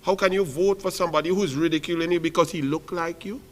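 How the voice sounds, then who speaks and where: A man's voice: on the high side, fairly even intonation, fast talker. A man with a Trinidadian accent giving impassioned political commentary, rhetorical and repetitive, driving each phrase home. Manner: fiery, rhetorical, repeats phrases with punch.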